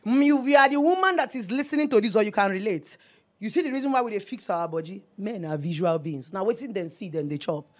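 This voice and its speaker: On her live call-in radio show, a warm, gushing Nigerian host in her thirties mixes Pidgin into her speech and addresses everyone as "darling." She talks fast and animatedly in a mid-range voice.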